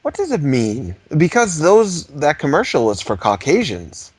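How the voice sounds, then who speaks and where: A man co-hosting a podcast, chatting playfully in a slow, hammy way. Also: a little high, wildly swooping pitch, slightly rough, no echo. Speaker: podcast co-host. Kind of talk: casual chat.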